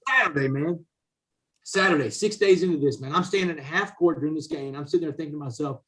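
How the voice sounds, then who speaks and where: Guest storyteller: middle-aged man, fairly high-pitched voice, animated and conversational. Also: fast talker. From Southeast Texas, USA. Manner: animated, drops "man" into nearly every sentence. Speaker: podcast guest, author and speaker. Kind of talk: casual storytelling.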